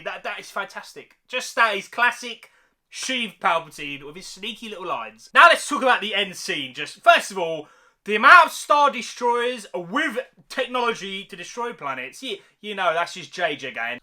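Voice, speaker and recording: A young man giving a casual, excited film review, full of slang, who keeps tagging sentences with "mate" and "man.". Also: high-pitched, moderate pace.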